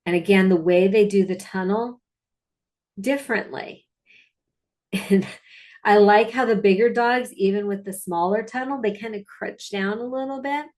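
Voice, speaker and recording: A woman dog trainer talks casually over her training videos. She is chatty and upbeat, scattering fillers and side comments. Her voice sits at an ordinary middle pitch. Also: moderate pace, darkish tone.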